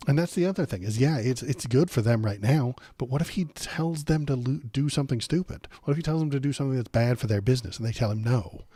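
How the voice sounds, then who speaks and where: A man's voice: medium pitch, fast, few pauses, warm tone, husky, no echo. A man hosting a political livestream, ranting bluntly and sarcastically with profanity, his throat sore from a cold. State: coming down with a cold, throat bothering him.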